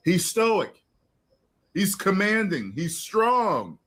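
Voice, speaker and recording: A man's voice: high voice, sing-song, extremely slow, bright, forceful tone. A man giving his opinion in a clip, lecturing emphatically and repeating his points.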